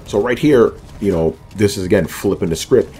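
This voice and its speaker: A man's voice: on the low side, normal speed, dark tone, slight background noise. A man giving casual commentary over a video game walkthrough, rambling loosely with lots of fillers and joking asides about himself.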